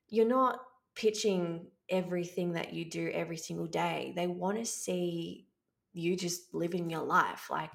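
A woman's voice: on the low side, gravelly. A woman hosting a casual podcast chat, chatty and laughing often, with casual swearing. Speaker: podcast host.

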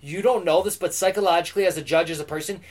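Fast-talking, high-voiced brash man. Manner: brash, opinionated, swears freely. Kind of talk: casual podcast chat.

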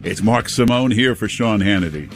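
A man hosting a talk radio show, joking and mocking in a casual, lively way. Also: on the low side, normal speed, faint music behind. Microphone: studio mic.

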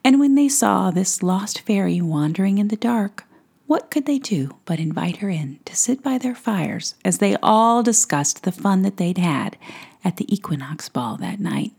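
A woman telling a fairy tale in a soft, hushed whisper as storyteller. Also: medium pitch, lively intonation, normal speed, gravelly, breathy edge.

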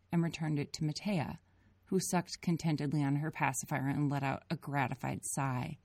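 A woman with a low, rich voice reads her own family memoir aloud. She tells it in an earnest, reflective way, like an audiobook. The recording is dry and close, with no room sound. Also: a little mellow, no room sound. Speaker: parent narrating her own story.

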